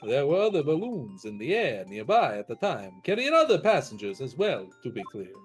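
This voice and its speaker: A man reading as a calm prosecutor. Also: medium pitch, moderate pace, soft background music, voice pushed down. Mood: explanatory. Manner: calm, explanatory.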